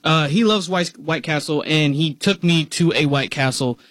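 A man in his twenties co-hosts a casual podcast chat and tells stories with dry humor. His voice sits a little high, recorded close and dry. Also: moderate pace, fairly bright tone, dry recording. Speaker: podcast co-host.

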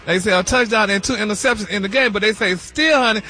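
A man's voice: sits high, quick pace, bright, forceful tone. A man delivering celebrity gossip on a radio morning show in a flamboyant, sassy manner, calling everyone honey. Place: radio studio.

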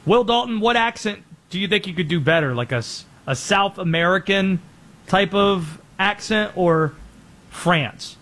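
A man hosting a sports talk show, running through quick energetic opinions and reading an ad spot. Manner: quick energetic delivery with lively pitch swings.

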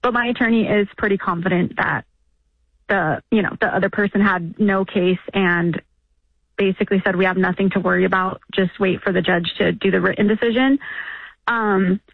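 A woman in her thirties calling a radio show, hesitant and halting, close to tears. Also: medium pitch, fairly even intonation, gravelly, dry recording. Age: 30s. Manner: hesitant, halting, many fillers. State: emotional, near tears. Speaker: caller. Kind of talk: phone call to radio show. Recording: tinny phone line.

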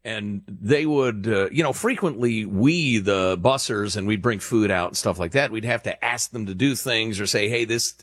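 A man's voice: on the low side, normal speed, few pauses, fairly bright tone, no echo. A man in his sixties, a radio talk show host telling a rambling story with lots of fillers in casual on-air banter.

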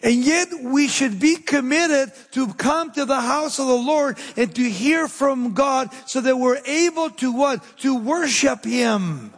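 High husky preaching man, hall echo. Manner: emphatic preaching, dropping low and slow for weight. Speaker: pastor. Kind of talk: sermon.

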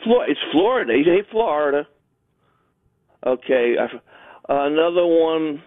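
Calling in to a radio show over a tinny phone line, a man rambles and jokes, mimicking other people's voices. His voice is fairly high and sing-song, a little slow, with no room sound.

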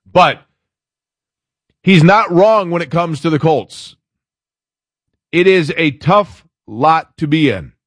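A man's voice: fairly high pitch, no room sound, clean studio sound. A man hosting a sports talk show, chatting casually and opinionated, rambling as he reads out a listener's email. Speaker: sports radio host.

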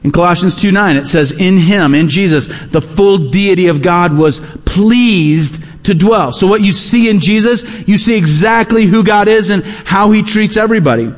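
A man with a high, light voice preaches a sermon, earnest and driving his main points home by repeating them. The sound carries a long reverb, like a church hall. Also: normal speed, hardly any pauses. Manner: earnest, repeats key phrases for emphasis. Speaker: pastor.

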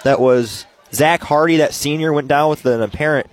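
A man giving color commentary on a live high school football game, calm and analytical. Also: normal speed, some chatter behind, a little hiss or hum. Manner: relaxed, analytical, agreeable.

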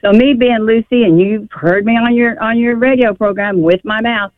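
An older woman calls in to a radio show and tells a long, emotional, rambling story full of restarts. Heard over a tinny telephone line, her voice is a little high, at normal speed, with no echo.

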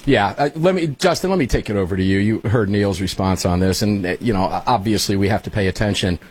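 A man hosting a political talk panel, lively and teasing, often throwing in quick interjections. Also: on the low side, husky. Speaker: talk show host.

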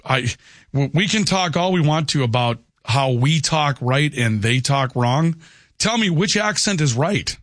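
A man's voice: fairly high pitch, expressive, a little slow, fairly bright tone, no echo, studio quality. Chatty male radio talk host. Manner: conversational, peppers lines with "okay". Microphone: studio microphone.

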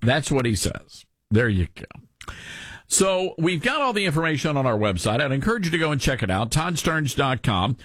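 A man's voice: medium pitch, big pitch swings, normal speed, fairly bright tone, no room sound. A man hosting a talk radio show into a studio microphone, sarcastic, with mocking asides and put-on coughing fits.

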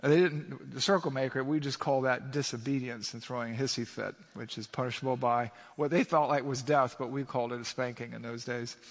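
A man's voice: medium pitch, fairly bright tone. A man preaching a sermon as a pastor, speaking with emphasis and throwing rhetorical questions at his congregation. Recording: long hall reverb.

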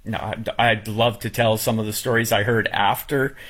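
A man's voice: on the low side, fairly even intonation, moderate pace, fairly bright tone, slightly rough. A man on a radio talk show, speaking casually with many restarts and fillers, emotional as he recalls a funeral.

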